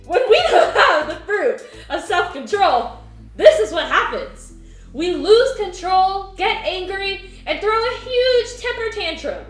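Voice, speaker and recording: A woman gives a children's object lesson in a high, animated voice, asking the kids questions. The room is echoey, and faint music plays behind her. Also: takes it slowly. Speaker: children's teacher.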